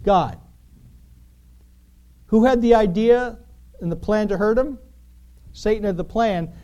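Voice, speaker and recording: Animated, high-voiced male preacher. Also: takes it slowly, dull audio. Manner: animated, emphatic, conversational with rhetorical questions. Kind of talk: sermon.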